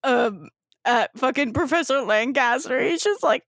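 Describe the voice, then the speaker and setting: Slow-talking woman game master. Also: sits high, lively intonation, fairly bright tone, no echo, clean studio sound. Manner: laughing, casual storytelling. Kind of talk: narrating a tabletop game.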